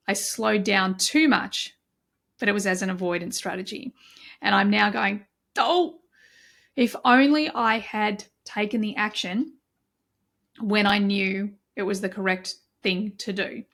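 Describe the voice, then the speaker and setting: A woman's voice: medium pitch, gravelly, a bit bright. A middle-aged woman hosting a solo podcast, talking earnestly and reflectively with frequent restarts. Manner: earnest, reflective, with many restarts and self-talk asides. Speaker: podcast host.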